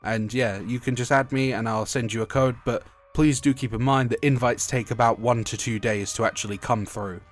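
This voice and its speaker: A man's voice: mid-range voice, fairly even intonation, normal speed, hardly any pauses. A British man talking casually about a video game, rambling and often correcting himself mid-sentence. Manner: rambling, self-correcting, chatty. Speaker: gaming video creator.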